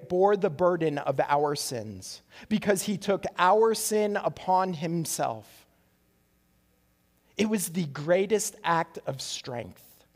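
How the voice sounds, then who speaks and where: A man preaching a sermon as pastor, earnest and emphatic, repeating key phrases for weight. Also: a little high. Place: church sanctuary. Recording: long reverb of a church hall.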